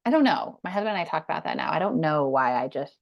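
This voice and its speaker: A woman's voice: deep voice, big pitch swings, quick pace. A woman in her thirties, a podcast guest, telling her personal story in an earnest, emphatic way. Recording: dull lo-fi sound.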